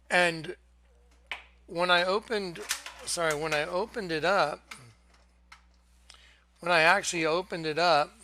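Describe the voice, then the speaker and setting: A man hosting his own religious video, giving an earnest, halting testimony to camera with many restarts. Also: a little high, sharp tone.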